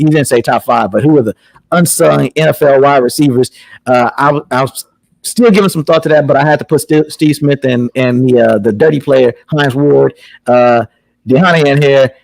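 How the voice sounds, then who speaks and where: Gravelly-voiced man hosting a talk show. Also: medium pitch, no echo, poor audio. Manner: rambling, conversational, with filler words. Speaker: podcast host. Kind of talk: casual call-in talk show.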